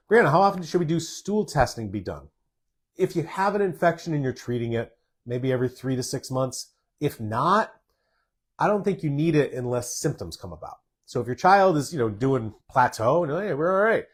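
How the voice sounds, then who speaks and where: A man's voice: medium pitch, slightly rough. A man, a doctor, answering viewer questions in a live Q&A, plainspoken and direct as he reads each question aloud and responds. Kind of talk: live Q&A reading viewer comments.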